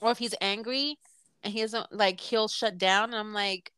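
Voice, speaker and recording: Young woman co-host, mid pitch, frank and unfiltered, dry close sound. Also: fairly even intonation, fairly quick, sharp tone, clear, resonant tone, no echo. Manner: frank and blunt, swears casually, laughs often. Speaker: podcast co-host. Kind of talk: casual chat.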